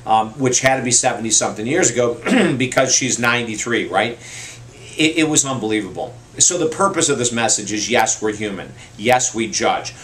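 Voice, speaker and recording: A man's voice: mid-range voice, a little fast, a bit bright, slight background noise. A man giving a motivational message to camera, telling personal stories in an earnest, heartfelt way and repeating key points for emphasis. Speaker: motivational speaker.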